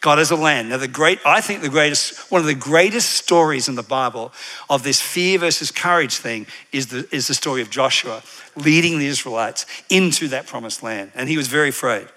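A man's voice: medium pitch, brisk. A man preaching a sermon with energy, getting the congregation to repeat lines back and drifting into side stories. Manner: energetic, leads congregation call-and-response; animated, digressive storytelling.

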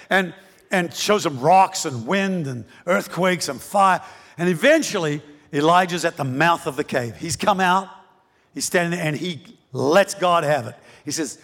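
A male preacher giving an animated sermon, repeating phrases and building to shouts. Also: high-pitched, moderate pace, long reverb tail.

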